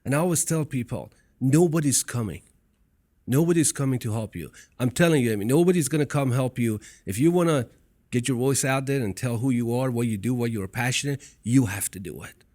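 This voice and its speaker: A man's voice: medium pitch, animated, brisk, a little mellow. A man with a foreign accent hosting a podcast, talking in an earnest way, repeating himself as he tells stories. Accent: foreign accent in English. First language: not English. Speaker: podcast host. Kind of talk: casual interview chat.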